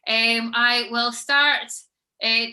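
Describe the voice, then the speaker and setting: A woman's voice: fairly high pitch, fairly even intonation, very slow, sharp tone. A woman hosting an online book panel over a video call, chatty with frequent ums. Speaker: panel host.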